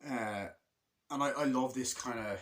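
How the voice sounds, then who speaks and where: A young man giving a rambling, casual movie review, swearing often and acting out scenes in quick impressions. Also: medium pitch, a bit bright.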